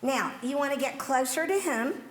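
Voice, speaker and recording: A woman coaching an acting workshop, brisk, bubbly and directive. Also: sits high, lively intonation. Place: theatre workshop room. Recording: echoey room with faint noise.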